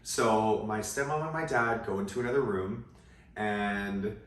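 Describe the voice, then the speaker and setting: A man's voice: on the low side, unhurried, fairly bright tone, distant mic. A young man telling a personal story in a casual, chatty way full of asides. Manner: chatty, many likes and asides. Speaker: vlogger. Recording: roomy echo, away from mic.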